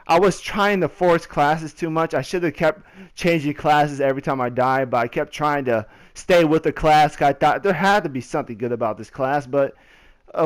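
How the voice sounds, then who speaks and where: A man's voice: fairly high pitch, smooth. A young man casually commenting over his gameplay footage, apologetic and rambling, with frequent fillers and restarts. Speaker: gaming video host.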